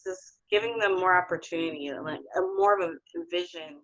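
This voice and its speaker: A woman's voice: lowish voice, normal speed, fairly bright tone. Woman, interview guest, casual chat, chatty, lots of fillers, dull lo-fi sound. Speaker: guest, theatre producer.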